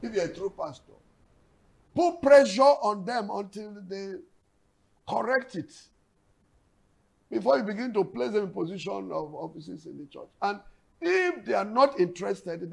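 A man's voice: sits high, lively intonation, normal speed, creaky, slightly rough, low-quality recording. A man, a pastor, answering viewer questions in a blunt, firm way, sometimes chuckling and searching for words. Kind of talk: unscripted Q&A on faith.

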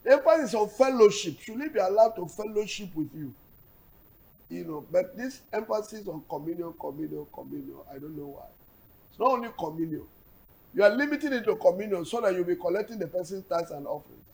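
High gravelly-voiced pastor, blunt. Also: male voice, very animated, a little fast, a little mellow, poor audio. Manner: firm, blunt, with chuckles and searching fillers. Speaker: pastor answering viewer questions. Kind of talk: unscripted Q&A on faith.

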